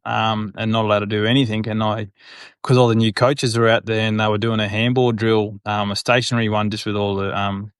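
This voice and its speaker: A middle-aged Australian man talks in a slightly low, clear and smooth voice, rambling easily through old stories with plenty of fillers and the odd chuckle. The sound is dry and close, with no room around it. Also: fairly bright tone, no room sound. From Northern Territory, Australia. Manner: rambling, leans on fillers like "you know" and "whatnot"; chuckles while telling stories. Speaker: former footballer, podcast guest. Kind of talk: casual reflective chat.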